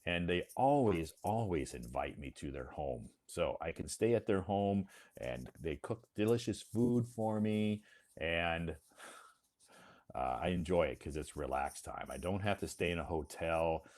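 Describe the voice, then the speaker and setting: An American man speaks in a very deep voice. He hosts a casual, friendly chat, slowing down and repeating things back so the other person can follow. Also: lively intonation, darkish tone. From United States. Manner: friendly, slow and encouraging, repeats to clarify. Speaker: host.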